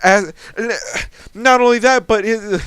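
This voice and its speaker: A young man with a high, smooth, resonant voice rants in exasperation about a tabletop game, swearing and restarting his sentences. He speaks slowly and deliberately, recorded dry and close at home. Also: fairly bright tone, no room sound. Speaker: storyteller recounting a tabletop game. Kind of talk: ranting storytelling monologue.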